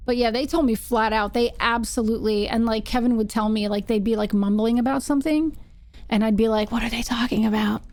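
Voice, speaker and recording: A woman streamer telling animated stories while playing a game, acting out quotes and screaming when startled. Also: fairly high pitch, fairly quick, dry recording. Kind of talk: casual storytelling while gaming.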